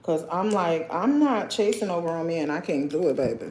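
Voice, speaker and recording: A woman's voice: fairly low pitch, lively intonation, brisk, a little mellow, slight background noise. A young woman hosting a casual livestream chat. She talks bluntly and with sass, often calls her viewers sir or girl, and laughs a lot. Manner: laughs often while talking. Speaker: livestream host. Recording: roomy echo.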